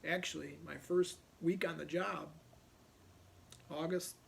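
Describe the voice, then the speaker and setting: A man's voice: a little high, steady tone, slow pace, vocal fry, a little hiss or hum. A middle-aged man from Ohio, a police officer, casually telling a personal story and animatedly acting out other people's lines.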